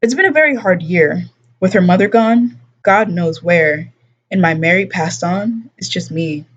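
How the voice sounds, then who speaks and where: A weary older grandfather, gruff yet patient, speaks in a measured, grumbling way, read aloud by a woman. The voice has a slightly husky edge. The sound is dull and lo-fi, like stream audio. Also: on the low side.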